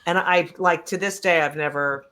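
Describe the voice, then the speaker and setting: A brash older woman from New Jersey, guesting as a comedian in casual chat. Her voice is bright and forceful, and she swears freely and laughs easily. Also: on the low side, fairly even intonation, normal speed.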